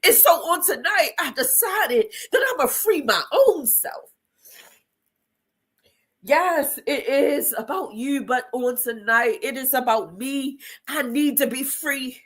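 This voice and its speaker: A woman's voice: high voice, expressive, slow pace, fairly bright tone. A middle-aged woman hosting an inspirational show, speaking in an emotional, preacher-like monologue with repeated phrases, near tears and defiant. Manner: preacher-like repetition, tearful and defiant. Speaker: host.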